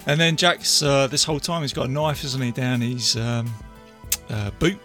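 A man's voice: medium pitch, normal speed, fairly bright tone, soft background music. A man co-hosting a podcast, chatting about a film and retelling its scenes. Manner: chatty, recounts scenes with quoted lines and laughs. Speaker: podcast co-host. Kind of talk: casual film discussion.

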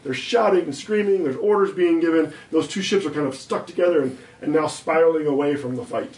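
A man's voice: fairly high pitch, darkish tone, distant mic. Man running a tabletop game, roomy and off-mic. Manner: explains rules, then slows down for vivid scene narration. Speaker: game master. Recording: roomy, a little off-mic, faint background hum.

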